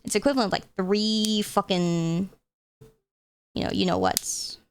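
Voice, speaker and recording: A young woman streamer chatting casually while playing games, swearing freely and getting excitable. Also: medium pitch, unhurried, smooth. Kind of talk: casual live-stream chat.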